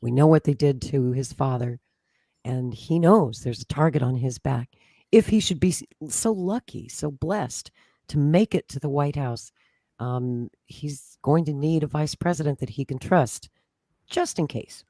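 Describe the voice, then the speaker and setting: A woman's voice: low-pitched, unhurried, mellow, no room sound, clean studio sound. An American woman talking politics as a podcast guest, confident and talkative, with frequent restarts. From United States. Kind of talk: casual political chat.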